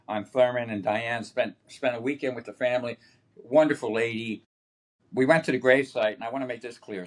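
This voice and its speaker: An older man tells long, rambling stories as a podcast guest. He speaks at a middling pitch and grows animated, often restarting his sentences. The recording is a plain podcast setup. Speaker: sportswriter guest. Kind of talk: anecdotal podcast conversation.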